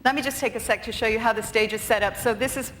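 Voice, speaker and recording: A woman's voice: fairly high pitch, fairly even intonation, fast, music in the background, low-quality recording. Woman director giving a conference talk. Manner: articulate, with occasional fillers. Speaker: theater director speaker. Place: conference stage.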